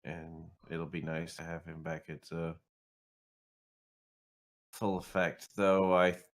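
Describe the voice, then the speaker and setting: Man, low voice, roleplay player, dry wry delivery. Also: flat delivery, takes it slowly. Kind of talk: in-character roleplay chat.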